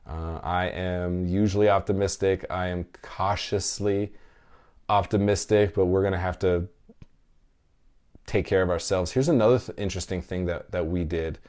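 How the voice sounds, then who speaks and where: Low-voiced man hosting a casual podcast. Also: steady tone, moderate pace, a little mellow, clear, resonant tone. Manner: emotional, candid, swears freely. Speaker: podcast host. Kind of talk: casual live chat reading listener comments.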